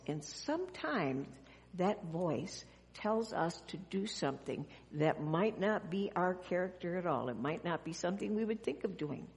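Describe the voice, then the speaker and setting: A woman pastor talks gently to children in a church sanctuary, often stopping to ask them questions. Her voice sits a little low. The sound carries a long, lingering church reverb. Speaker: pastor giving a children's message. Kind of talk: children's sermon.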